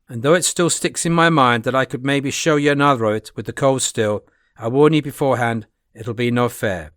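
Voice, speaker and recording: A prickly, boastful Highland piper with a quick temper and a loud sense of honour, read aloud by a man. The voice sits in a plain middle register. It is recorded dry and close, with no room sound. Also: no room sound, lightly acted. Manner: boastful, touchy. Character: proud quarrelsome Highland man, skilled piper.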